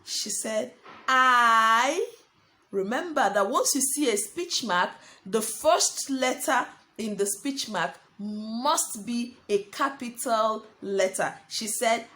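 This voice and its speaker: Young woman teacher talking to little kids, slow and bouncy, kinda high voice, writing on the board as she goes. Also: lively intonation, fairly bright tone. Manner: slow, sing-song teacher talk addressing children as friends; talks while writing on a board. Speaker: primary school teacher. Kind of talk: online lesson for young children.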